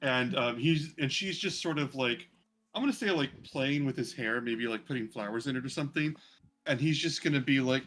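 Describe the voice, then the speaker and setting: A man's voice: medium pitch, brisk, fairly bright tone. A man narrating a tabletop game as game master, rambling and improvising with lots of fillers.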